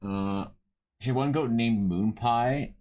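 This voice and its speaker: A man chats casually while drawing on a stream, rambling, swearing, and restarting a lot. His medium-pitched voice is slow, and the audio sounds narrow and tinny.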